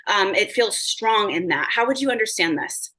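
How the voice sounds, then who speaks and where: A woman's voice: medium pitch, animated, moderate pace, sharp tone, poor audio. A woman working as a psychic medium in a reading session, bubbly and gushing, full of filler words.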